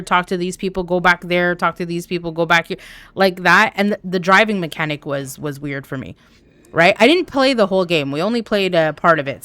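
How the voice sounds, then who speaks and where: A woman's voice: fairly low pitch, clear, resonant tone, no echo. Chatty young woman streaming her game. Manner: chatty and animated, swears, reads chat aloud. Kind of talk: casual live-stream chat while gaming. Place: home room.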